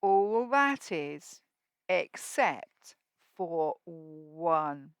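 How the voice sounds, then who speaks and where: A woman teacher reading a rhyming picture book to young children at a school assembly, expressive and asking them questions so they join in. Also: low voice, drawn-out words, smooth, no room sound. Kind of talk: storybook read-aloud for young children.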